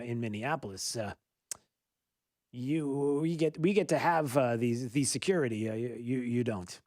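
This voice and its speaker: A man hosting a talk radio show, running a quiz with a caller and chatting in a halting way full of fillers. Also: medium pitch, darkish tone, no echo, studio quality.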